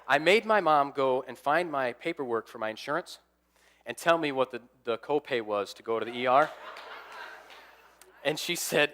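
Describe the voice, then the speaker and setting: A man's voice: a little high, animated, fairly quick, fairly bright tone. A young adult man, an assistant pastor, preaching a sermon as a personal story and acting out the dialogue.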